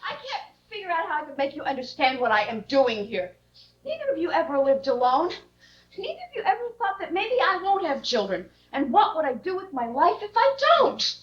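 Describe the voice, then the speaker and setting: A woman's voice: sits high, sing-song, brisk. A woman playing an outspoken adult daughter who talks earnestly and emphatically. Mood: exasperated. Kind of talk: stage play acting. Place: theater stage. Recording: dull lo-fi stage recording.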